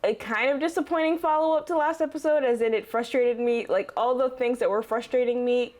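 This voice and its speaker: A young woman hosting a casual reaction video, chatty and quick to laugh, with lots of fillers. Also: a little high, a little mellow.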